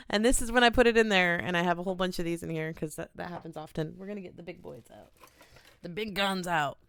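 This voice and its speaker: A woman with a low, slightly gravelly voice that still comes across smooth and clear. She talks casually and earnestly, coaching listeners step by step through a calming ritual. The sound is dry and close, from a small home studio in a bedroom corner. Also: quick pace, dry recording. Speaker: oracle card reader. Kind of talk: casual guided ritual talk.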